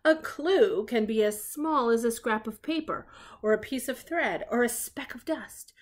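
A woman's voice: a little high, lively intonation, a little slow. An older woman voicing a bumbling, pompous male detective puppet in a storybook read-aloud, making grand, self-assured pronouncements. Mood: instructive.

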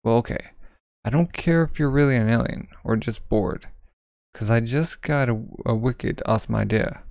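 A man voicing a cocky, excitable teenage boy who talks in pushy, upbeat slang. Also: mid-range voice, normal speed, gravelly, no room sound, close to an everyday voice. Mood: coaxing.

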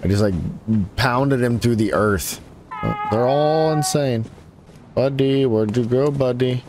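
A man commentates his own gameplay slowly for a YouTube let's play, jeering at enemies, his voice shooting up when frustrated. Background noise and game sounds fill in behind.

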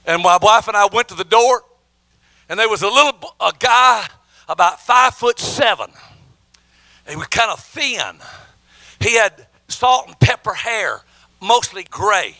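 A man's voice: high voice, expressive, unhurried, pauses often, pushed and bright, dry recording. A middle-aged man, an evangelist, preaching a testimony with emphatic storytelling and many stammered restarts. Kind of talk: sermon testimony.

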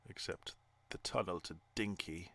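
A man's voice: low-pitched, moderate pace, gravelly, bright, forceful tone. A man thinking aloud while playing a game, hesitant and muttering to himself. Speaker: gamer. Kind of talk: playthrough commentary.

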